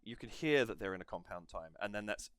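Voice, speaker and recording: A man's voice: fairly low pitch, expressive, brisk, a bit bright, clear, resonant tone. A man hosting a reaction video, analysing a song's rhythm in a digressive way and counting and humming beats to explain it. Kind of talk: music analysis commentary.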